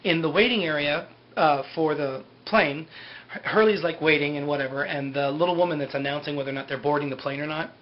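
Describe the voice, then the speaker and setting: A man's voice: fairly high pitch, fairly quick. A man casually recapping a TV episode in a loose, rambling way, full of "like" and "you know". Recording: dull lo-fi with faint hiss.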